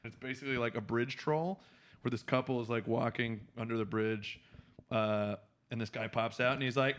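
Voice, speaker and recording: A man's voice: mid-range voice, moderate pace, fairly bright tone. A man hosting a comedy podcast, describing a sketch and acting out its characters. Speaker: podcast host. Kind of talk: casual comedy chat.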